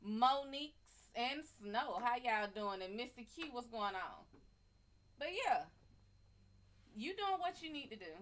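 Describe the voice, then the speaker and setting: A woman's voice: on the high side, animated, unhurried, fairly bright tone. A woman hosting a live tarot stream in casual chat, blunt, profane and brassy, greeting viewers by name and calling them honey.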